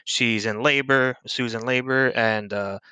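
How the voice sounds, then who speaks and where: A man's voice: mid-range voice, steady tone, a little slow, sharp tone, smooth, no room sound. A man co-hosting a movie podcast, eagerly recounting scenes in casual chat. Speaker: podcast co-host.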